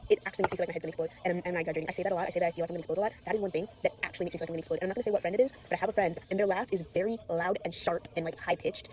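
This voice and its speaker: A woman's voice: fairly low pitch, steady tone, very fast, few pauses, darkish tone, a little hiss or hum. A teenage girl vlogging at home after an all-nighter, tired, swearing and rambling from topic to topic. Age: teens. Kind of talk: rambling late-night vlog.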